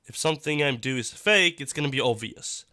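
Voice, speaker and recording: A man giving blunt, profane reaction commentary, talking in an animated and dismissive way. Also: mid-range voice, brisk, no echo, clean studio sound. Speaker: YouTube commentator.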